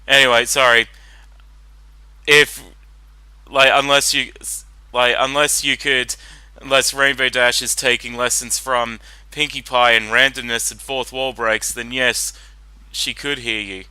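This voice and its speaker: A man's voice: mid-range voice, little pitch movement, a little slow, bright, forceful tone, clear, resonant tone, no echo, low-quality recording. A man giving casual commentary while watching a cartoon, rambling and hesitant, often correcting himself. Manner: rambling, hesitant, self-interrupting. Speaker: reaction video host.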